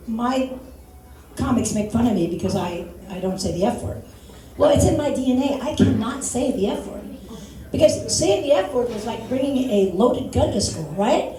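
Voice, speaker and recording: Older woman comic, bright and roomy. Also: fairly high pitch. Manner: storytelling with acted-out voices and sound effects. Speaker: stand-up comic. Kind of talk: stand-up comedy set. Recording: echoey room, mic at a distance.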